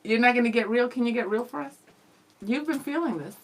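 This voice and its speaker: A young woman co-hosting a radio show, chatting casually and reading viewer comments aloud in a lively way. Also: fairly high pitch, fairly quick, low-quality recording. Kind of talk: casual live-stream chat.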